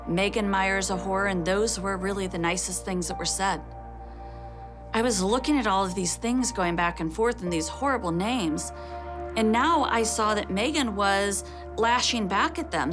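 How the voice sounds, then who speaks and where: Middle-aged american woman, slow earnest storytelling, faint music under her. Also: medium pitch, a bit bright. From United States. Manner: earnest and measured, quoting others' words aloud. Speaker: foundation founder and speaker. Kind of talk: personal testimony talk.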